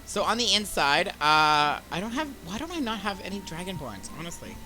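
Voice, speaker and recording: Lively joking young dungeon master, a man. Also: high voice, a little fast, low-quality recording. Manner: laughs often, loose and joking. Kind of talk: narrating a tabletop game.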